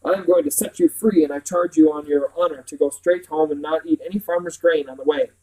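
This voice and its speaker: A man voicing a pompous, excitable male scarecrow in a storybook reading, with a grand, theatrical manner. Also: a little high, normal speed, poor audio. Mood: stern.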